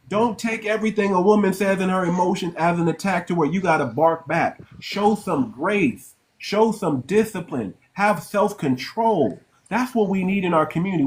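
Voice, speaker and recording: A man hosting an online audio room, preaching in an emphatic, repetitive way with many restarts. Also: a little high. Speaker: host. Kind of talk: live audio room talk.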